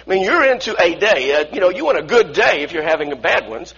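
A man's voice: high voice, very animated, fast talker, vocal fry, a bit bright, husky, dull audio. A man preaching a sermon earnestly, often restarting phrases and asking the congregation to repeat lines after him.

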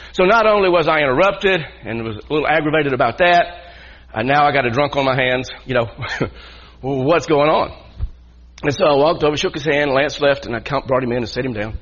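A man's voice: medium pitch, fairly bright tone. A male pastor telling a personal story in a sermon, earnest and repeating himself as he builds his point. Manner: earnest storytelling with frequent restarts. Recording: muffled lo-fi sound.

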